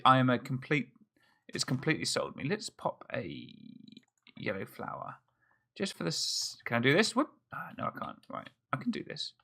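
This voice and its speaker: A man's voice: medium pitch, vocal fry, bright, forceful tone. A man hosting a let's play, thinking aloud in chatty, self-mocking commentary as he plays. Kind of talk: casual gameplay commentary.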